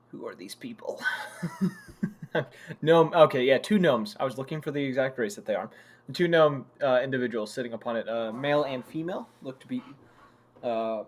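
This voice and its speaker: A young man narrating a tabletop game as game master, pausing often with fillers and restarts. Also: mid-range voice. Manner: halting, many fillers and restarts.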